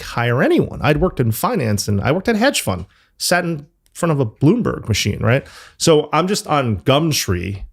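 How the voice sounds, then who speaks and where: Easygoing man rambling in an interview. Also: mid-range voice. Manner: loose and rambling, full of fillers and mild swearing. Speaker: company founder, guest. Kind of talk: casual interview talk.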